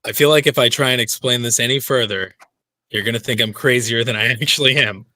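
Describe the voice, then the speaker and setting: Young male player, bright voice, laughs at himself. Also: medium pitch, brisk. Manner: sheepish, laughing.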